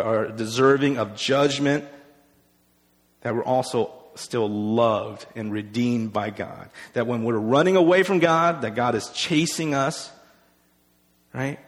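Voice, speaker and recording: A man preacher giving a conversational sermon, often checking in with "right?" and acting out the quotes. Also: mid-range voice. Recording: long hall reverb.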